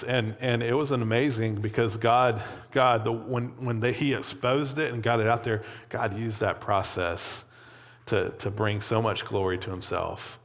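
A man preaching a sermon in a relaxed, conversational way, with plenty of casual fillers. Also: medium pitch, moderate pace. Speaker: pastor. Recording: long hall reverb.

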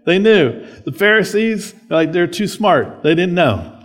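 A man's voice: sits high, big pitch swings, measured pace, a bit bright. Conversational male pastor preaching. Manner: conversational, frequent tag questions. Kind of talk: sermon.

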